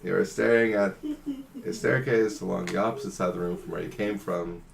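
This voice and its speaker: A man's voice: sits low, steady tone, a little fast, gravelly, a little hiss or hum. A man running a tabletop game as game master, describing the scene in a dry, matter-of-fact way. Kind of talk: narrating a tabletop game over voice chat.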